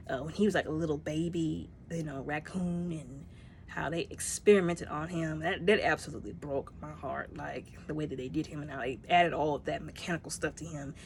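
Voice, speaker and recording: A woman with a fairly low voice chats through a movie review, emotional and talkative, calling out to her viewers as y'all. She slips into the characters' lines as she retells scenes. A faint hiss sits under the voice. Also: a little mellow. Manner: acts out characters' lines in bursts. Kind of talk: casual movie review chat.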